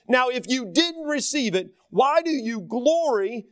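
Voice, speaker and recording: Animated Southern preacher, high lively voice. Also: male voice, measured pace, few pauses, smooth, no echo, clean studio sound. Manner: animated, acts out quoted voices, self-deprecating. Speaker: pastor. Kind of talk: sermon.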